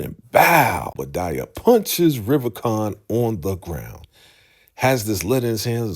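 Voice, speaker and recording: Guy recapping an episode on his channel, deep husky voice, super animated, acts out the scenes. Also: a little slow. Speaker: show recap host. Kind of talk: casual show recap vlog. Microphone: podcast microphone.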